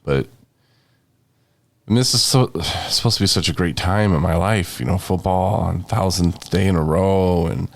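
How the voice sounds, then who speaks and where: Deep gravelly man, sick and rambling. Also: moderate pace, no room sound, studio quality. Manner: rambling, joking, meandering. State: sick with covid, tired. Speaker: podcast host. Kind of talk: casual podcast chat.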